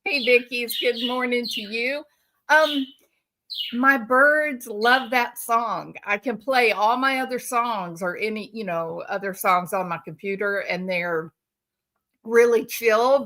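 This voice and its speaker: Woman live-streamer, unhurried and bright-toned, chats with viewers and keeps asking them questions. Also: mid-range voice. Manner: chatty, full of rhetorical questions to the audience. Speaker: livestream host.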